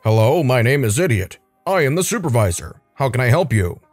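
A man's voice: mid-range voice, sing-song, brisk, darkish tone, slightly rough, no room sound, voice pushed down. A man doing an evasive male call-center supervisor who answers everything with stock politeness. The delivery is dry and close, and faint music plays under it.

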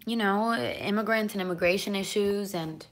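A young woman chatting excitedly on a live stream, dropping into whispers now and then. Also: medium pitch, moderate pace. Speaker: singer doing a live Q&A stream. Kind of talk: casual live-stream chat.

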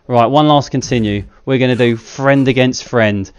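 Male host, casual let's-play commentary, self-deprecating, mid-pitched, faint game music behind. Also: moderate pace, clean tone, lo-fi sound. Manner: chatty, self-mocking, excitable outbursts. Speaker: gaming channel host.

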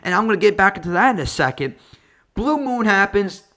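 A man's voice: high-pitched, very animated, brisk, sharp tone. A man giving a sarcastic, profane comedic movie review rant as an online video reviewer.

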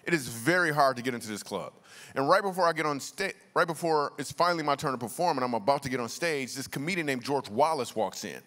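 Speaking fast with a medium-pitched, expressive voice that sounds pushed and bright, a comedian visiting a church spins humorous tales for the congregation in relaxed slang. The big auditorium's long reverb trails his words.

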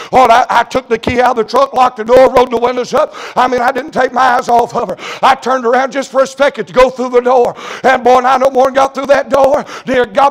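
Fiery high-voiced preacher. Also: male voice. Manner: fiery, chanting preaching with shouted high climaxes. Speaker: evangelist preacher. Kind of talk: sermon. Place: church.

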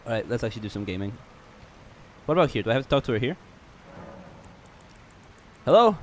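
Goofy rambling game streamer. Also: male voice, lowish voice, racing, slight background noise. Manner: goofy, rambling, self-mocking, stammering restarts. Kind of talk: casual game livestream chat. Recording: jazz music faintly behind.

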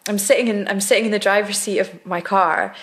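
A woman of middle pitch talks candidly about her work, circling back with restarts as she builds each anecdote. Her delivery is loose and conversational. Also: steady tone, a little fast. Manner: candid storytelling, frequent restarts. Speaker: actress, podcast guest. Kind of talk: casual conversation.

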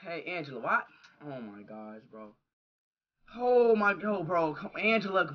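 A man live streaming who reacts loudly to a talking app, yelling, cursing and talking in slang. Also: high-pitched, sing-song, a little slow, lo-fi sound, slight background noise.

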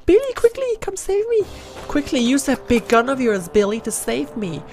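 A man voicing a helpless young woman begging to be rescued, in a mocking falsetto. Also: huge pitch swings, moderate pace, a little mellow, exaggerated voice. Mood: pleading. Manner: mock-pleading falsetto.

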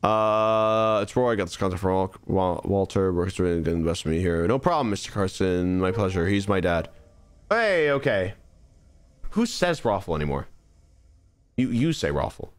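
A man's voice: sits low, expressive, normal speed, smooth. A young man streaming a horror game, chatting and joking to himself as he plays. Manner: chatty, jokey, talks to himself. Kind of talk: live gameplay commentary.

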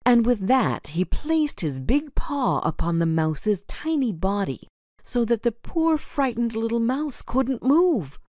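A woman narrating a children's storybook in a slow, expressive, clear storytelling manner. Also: a little high, dry recording, studio quality. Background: music.

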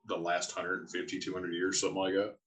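A man guesting on a podcast, talking relaxed and full of fillers. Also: low voice, fairly quick, low-quality recording. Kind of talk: casual podcast chat.

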